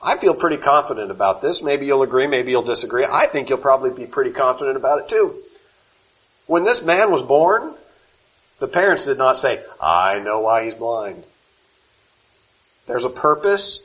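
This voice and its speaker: A man's voice: medium pitch, lively intonation. Male preacher with a dynamic delivery and a mid-range voice; recording a bit muffled. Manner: dynamic, swings from loud emphatic to soft and slow. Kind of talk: sermon.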